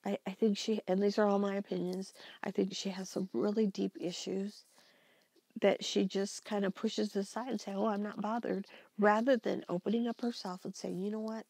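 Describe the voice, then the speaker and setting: A woman vlogger ranting in exasperated commentary, with a gravelly, husky voice. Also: mid-range voice, dark tone, no room sound. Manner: exasperated, venting.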